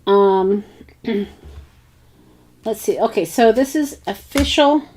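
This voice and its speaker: A woman talks herself through a crafting project at an unhurried pace, pausing often with ums and murmured asides. Her voice sits at a medium pitch, and her tone is casual and thinking-aloud rather than presented. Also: darkish tone. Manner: musing, hesitant, many ums and self-talk. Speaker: craft channel host.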